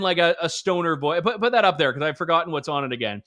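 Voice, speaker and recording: A man hosting a political commentary show, energetic, chuckling and sarcastic. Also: fairly high pitch, quick pace, few pauses.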